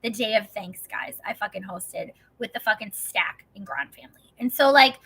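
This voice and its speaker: A woman's voice: medium pitch, normal speed, gravelly, a bit bright, husky, rough recording. A woman in her twenties from Wisconsin telling a heated personal story in a casual vlog, swearing often and saying "like" constantly. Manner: profane, heated, heavy use of "like" as filler. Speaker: vlogger.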